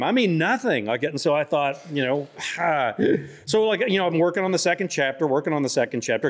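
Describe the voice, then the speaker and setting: A middle-aged man telling a humorous story at a book festival, folksy and rambling, full of "you know" and "like". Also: fairly high pitch. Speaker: author speaking at a book festival. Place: church hall.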